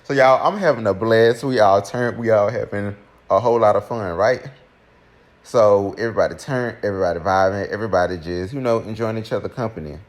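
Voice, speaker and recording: A young man with a fairly low voice tells a personal story to his viewers. He is animated and chatty and keeps turning to speak straight to his audience. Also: brisk. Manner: animated, keeps addressing listeners directly. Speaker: storytime vlogger.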